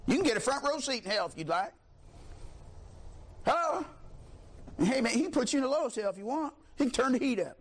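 A man preaching a fiery sermon, shouting, mocking and laughing as the congregation answers back. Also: very high voice, lively intonation, very fast, few pauses.

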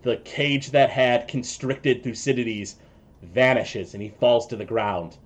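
A man's voice: medium pitch, steady tone, slightly rough. A man running a tabletop game as game master, narrating the action with frequent fillers and restarts. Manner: halting, many fillers and restarts.

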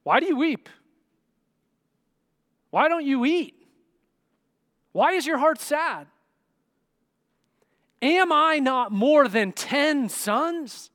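A man's voice: high-pitched, normal speed, big-room sound. Man putting on a needy, defensive husband. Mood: pleading. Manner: pleading, rising questions.

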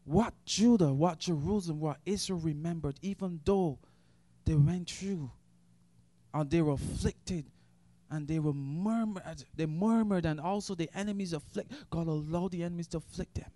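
A man preaching an impassioned sermon, swinging between shouted praise and hushed, quiet passages. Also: on the high side, normal speed, dry recording.

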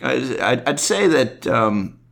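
A man's voice: very animated, gravelly, a bit bright, heavily acted. A man doing a stammering, humble comedian. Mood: bashful. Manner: high, halting, stammering goofball voice. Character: famous male comedian, humble, soft-spoken, polite.

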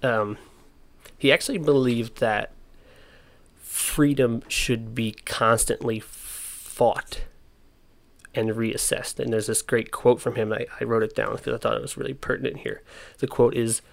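A man's voice: medium pitch, steady tone, a little slow, gravelly. A young man casually explaining history, with slangy, joking asides. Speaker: history presenter.

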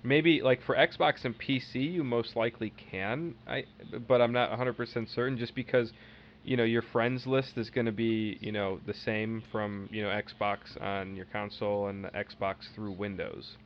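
A man's voice: fairly low pitch, fairly even intonation, normal speed. A man co-hosting a casual podcast chat, rambling and using many fillers. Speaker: podcast co-host. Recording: dull lo-fi audio with faint hiss.

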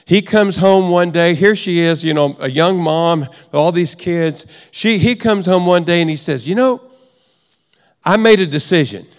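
High-voiced preacher in a reverberant hall. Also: male voice, normal speed, hardly any pauses, smooth. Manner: conversational, with repetitions and restarts. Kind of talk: sermon teaching.

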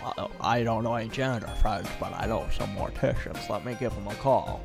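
A man playing in a tabletop game podcast, with a low, gravelly voice. He jokes around in goofy, playful banter, and music plays under his talk. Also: brisk. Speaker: player. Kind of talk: casual podcast chat.

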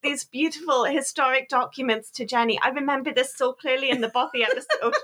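Lady on a podcast, high bright voice, earnest, little stumbles. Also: fairly quick, few pauses. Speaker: podcast guest, researcher. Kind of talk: casual chat.

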